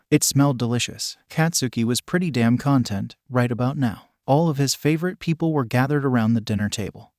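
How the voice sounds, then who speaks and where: Male narrator, steady storybook reading, close dry sound. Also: medium pitch, no echo. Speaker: fan fiction reader. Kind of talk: scripted narration.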